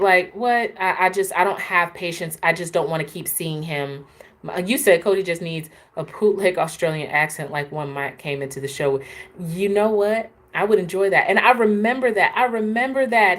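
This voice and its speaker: Chatty, opinionated woman host, low voice. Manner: chatty, opinionated, answers viewers. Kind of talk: casual live chat recap.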